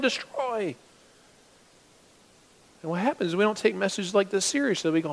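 Fervent high-voiced male preacher in a hall. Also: lively intonation, normal speed, gravelly, long pauses. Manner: fervent preaching, swinging between loud urgency and hushed asides. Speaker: pastor. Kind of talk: sermon. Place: church sanctuary.

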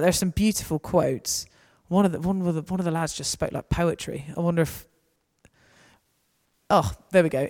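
In a reverberant hall, a woman with a low, darkish voice gives a conversational, anecdotal talk to a gathering.

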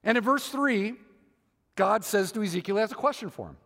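A very high-pitched man preaches a sermon, circling back over each point and checking in with rhetorical questions. His voice carries a long reverb from a large hall. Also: expressive, a little fast, fairly bright tone. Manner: repeats and rephrases for emphasis, asks rhetorical questions.

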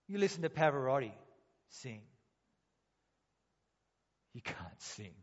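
A man's voice: medium pitch, very animated, takes it slowly, pauses often. A man preaching a sermon, asking rhetorical questions and acting out quotes. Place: church hall. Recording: dull sound, long hall reverb.

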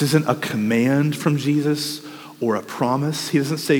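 A man's voice: medium pitch, unhurried, long reverb tail. A man preaching a sermon, working through rhetorical questions with fervent, impassioned delivery. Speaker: pastor.

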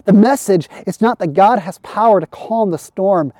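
Pastor preaching online, warm mellow voice, dry close sound, earnest, keeps repeating lines to build. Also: mid-range voice, moderate pace, no echo. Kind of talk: sermon. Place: online church service.

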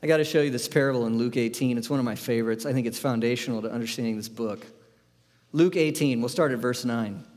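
A man preaching a sermon, firing rhetorical questions at the congregation in an animated, emphatic way. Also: medium pitch, fast, long reverb tail. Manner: asks the audience many questions, animated and emphatic. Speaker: pastor.

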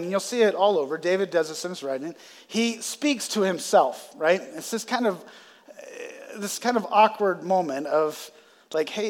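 Male pastor, high voice, emphatic sermon, long church reverb. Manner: emphatic, swells loud on scripture readings; casual asides with fillers. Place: church sanctuary.

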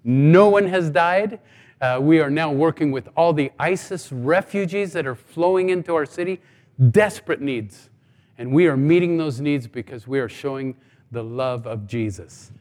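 Speaking in a fairly high, slightly mellow voice, a middle-aged man appears as a guest speaker sharing his testimony in a sermon. He tells stories and acts out the dialogue with humor, and the sound carries a long hall reverb.

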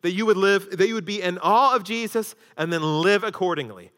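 A male pastor preaching in a church, his fairly high, bright voice rising to loud emphasis and then dropping to a hushed intensity. The sound carries a long reverb from the hall. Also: brisk. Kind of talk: sermon.

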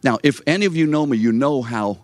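A man's voice: mid-range voice, fairly quick, noisy background. An older man giving a sermon as a story, chatty and conversational, speaking straight to his listeners. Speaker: preacher.

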